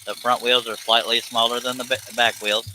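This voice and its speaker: A man's voice: medium pitch, little pitch movement, normal speed, background noise. A man hosting a casual woodworking livestream, joking around and reading viewer comments aloud while he cuts. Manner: jokey, folksy, reads chat comments aloud. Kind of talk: casual livestream chat while scroll-saw cutting. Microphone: headphones with computer mic.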